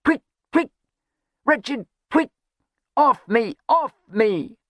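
Squealing panicky rogue, way up high, pompous and whiny, super dry sound. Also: male voice, very animated, slow, vocal fry, pushed and bright, husky, no echo, full character voice. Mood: panicked shrieking. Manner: shrieking, whining, pompous. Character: shrill panicky pop-eyed male rogue.

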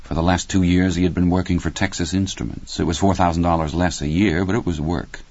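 A man reads an audiobook in a measured, steady way. His voice is very deep and close to the mic, with no room sound, and the recording is slightly muffled. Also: no room sound. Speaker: audiobook narrator. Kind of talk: scripted narration.

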